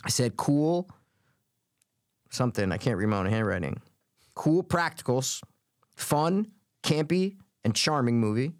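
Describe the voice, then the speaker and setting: A man of mid-range pitch co-hosting a podcast, rambling loosely through his points and swearing casually. The recording is dry and close, with no room sound. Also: animated, a little slow, long pauses, no echo. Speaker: podcast co-host. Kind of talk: casual chat.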